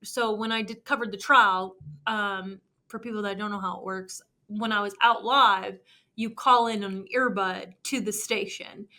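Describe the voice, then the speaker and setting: A woman, a TV reporter, chatting casually with her co-host and adding quick reactions. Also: mid-range voice, steady tone, bright, forceful tone. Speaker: TV news reporter. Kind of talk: casual chat.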